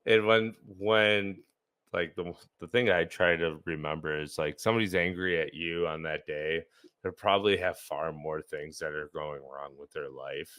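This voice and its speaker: A man's voice: extremely low pitch, normal speed, fairly bright tone, dry recording. A man co-hosting a podcast in a laid-back casual chat.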